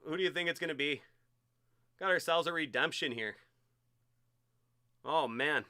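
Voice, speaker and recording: A man hosting a live-streamed sports card break, chatty and excitable as he hypes each card he pulls. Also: a little high, normal speed, pauses often, clear, resonant tone.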